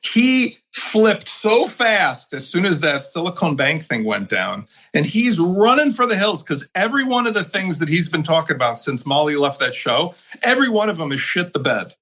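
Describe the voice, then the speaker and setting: A man's voice: a little high, big pitch swings, normal speed, few pauses, pushed and bright, muffled recording. A man on a tech podcast panel, talking in a blunt, combative, emphatic way. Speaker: regular panelist. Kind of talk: opinionated round-table chat.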